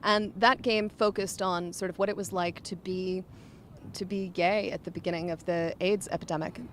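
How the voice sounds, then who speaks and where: Chatty woman with a lowish voice. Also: steady tone, moderate pace, fairly bright tone, slight background noise. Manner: chatty, with fillers and restarts. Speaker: author and larper interviewee. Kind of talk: casual interview.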